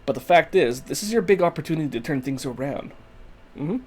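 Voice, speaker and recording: A man's voice: on the high side, animated, fairly quick, breathy edge. A man voicing a cheerful female genius guide in a put-on stereotyped Italian accent, reading game lines. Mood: guiding. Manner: stereotyped Italian lilt, playful. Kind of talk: fan voicing of a game's story text.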